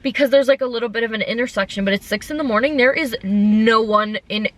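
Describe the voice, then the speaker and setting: A woman's voice: fairly high pitch, fast talker. Chatty young woman backing up a friend. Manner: chatty, filler-heavy, recounting. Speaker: co-host, friend. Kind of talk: casual storytime chat.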